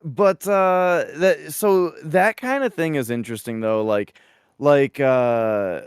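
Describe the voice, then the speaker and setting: A man co-hosting a podcast in casual chat, rambling with lots of fillers and animated asides. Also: on the high side, slow pace, smooth, no echo, studio quality. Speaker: podcast co-host.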